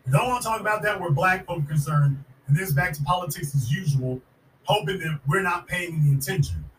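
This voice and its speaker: A man with a high voice delivers a fiery, sarcastic commentary monologue, circling back to drive each point home. He sits back from the mic in an echoey room with a faint hiss underneath. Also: a little fast, a bit bright, distant mic. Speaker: podcast host.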